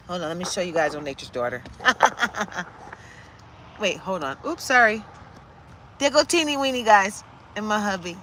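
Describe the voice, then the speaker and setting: Lively, bright-voiced woman streaming live. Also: lowish voice, normal speed, long pauses, slight background noise. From Detroit, USA. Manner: animated, greets viewers by name, laughs often. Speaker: live-stream host giving a reading. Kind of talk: casual live-stream chat.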